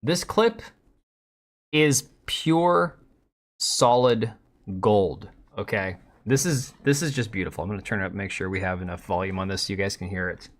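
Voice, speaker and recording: Speaking at a normal pace in a voice on the low side, a man hosts a casual live stream. He talks to viewers and his cat, tossing sarcastic, mocking remarks at the clips he reacts to.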